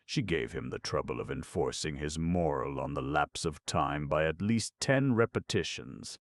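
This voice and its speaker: A man narrates a classic novel in measured, expressive storytelling. His voice sits extremely low with a gravelly edge. The recording is close and dry. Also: no echo. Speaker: audiobook narrator.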